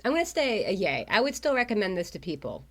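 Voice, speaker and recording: A woman's voice: medium pitch, very animated, fast. A woman co-hosting a book club podcast, talking casually in a wry, teasing way. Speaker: podcast co-host.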